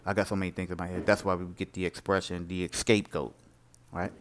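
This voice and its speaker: A man's voice: sits low, little pitch movement, fast, a little hiss or hum. A man, preaching informally and emphatically, often stopping to ask rhetorical questions. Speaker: religious commentator.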